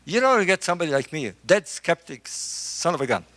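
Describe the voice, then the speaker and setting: A middle-aged man, a construction engineer, giving an emphatic, animated talk to a group in a room. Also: fairly high pitch, brisk, no echo. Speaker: speaker on ancient engineering. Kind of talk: lecture-style talk to a live group.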